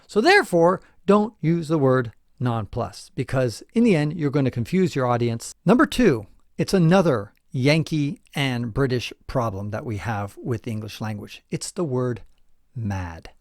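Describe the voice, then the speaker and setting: A man's voice: mid-range voice, lively intonation, measured pace, no room sound, clean studio sound. A middle-aged man hosting a podcast, explaining points in a casual, emphatic way, asking listeners questions and chuckling now and then. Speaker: podcast host.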